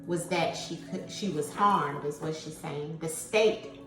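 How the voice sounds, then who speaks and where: A woman giving a spiritual tarot reading in a slow, soothing way, calling her viewers family. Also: low voice. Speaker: tarot card reader. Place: room at home with incense burning. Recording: echoey room, far from mic, music behind.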